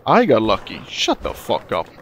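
Excitable, cussing young man gaming. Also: on the low side, moderate pace, slight background noise. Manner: excitable and profane, swings into loud yelps. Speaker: gameplay commentator. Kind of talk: let's-play commentary.

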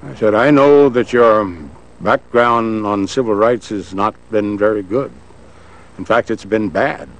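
A man recounting past events in an interview, slowly, acting out the voices he quotes. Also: on the low side. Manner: slow, animated, acts out quoted voices. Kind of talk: archival interview storytelling.

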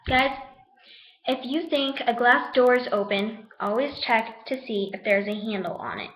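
A teenage girl with a high voice talks straight to her camera, chatty and sassy, tossing in scolding asides. The sound bounces around a bare room at home, picked up by the camera's own mic. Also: fairly bright tone, roomy sound, rough recording. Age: teens. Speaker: vlogger. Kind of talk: casual vlog talk to camera.

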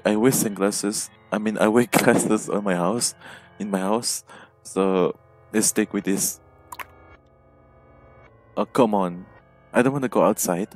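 Jumpy low-voiced man playing a game. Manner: jumpy, nervous, frequent startled exclamations. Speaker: gameplay commentator. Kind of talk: casual gameplay commentary. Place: at home, alone at night. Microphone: headset microphone.

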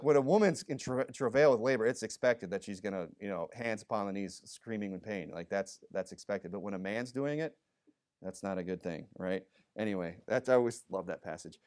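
A male pastor preaching a sermon in a church, talking conversationally and reading scripture aloud in a raised voice. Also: lowish voice. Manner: conversational, frequent "you know" and "okay?", reads scripture louder. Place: church sanctuary.

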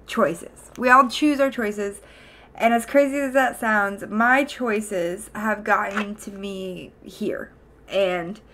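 A woman's voice: a little high, fairly bright tone. Chatty young woman streamer. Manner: chatty, rambling, with frequent fillers and self-corrections. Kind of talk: casual chat to stream viewers.

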